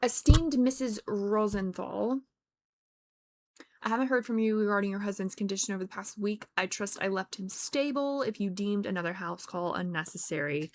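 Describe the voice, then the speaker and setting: A woman's voice: medium pitch, darkish tone, natural voice. A woman voicing a formal older male doctor with a put-on British accent, reading his letter aloud. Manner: formal, courteous, measured.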